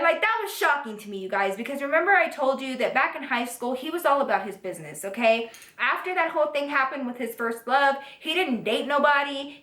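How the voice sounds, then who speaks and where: A young woman tells a storytime vlog in a chatty, swear-filled way. Her voice sits a little high and sounds bright and forceful. The room around her rings with a noticeable echo. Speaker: YouTube storyteller.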